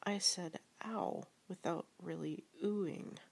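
A woman voicing a simple-minded, gentle male toy bear who muses in an earnest, puzzled way. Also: lowish voice, fairly even intonation, takes it slowly, vocal fry, slightly rough, exaggerated voice.

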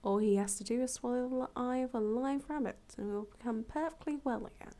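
A woman's voice: a little high, fairly quick, mellow, close to an everyday voice. A woman reading as a boastful turtle. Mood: boasting. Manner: smooth-talking, persuasive. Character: boastful male sea turtle, eager to seem wise. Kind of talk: storybook reading.

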